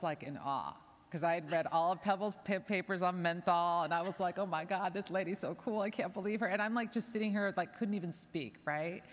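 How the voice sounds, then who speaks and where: Middle-aged woman, warm chatty presenter, lowish voice, big reverberant hall. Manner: warm, chatty, moved close to tears. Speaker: award presenter. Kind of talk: emotional conference speech. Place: large conference hall.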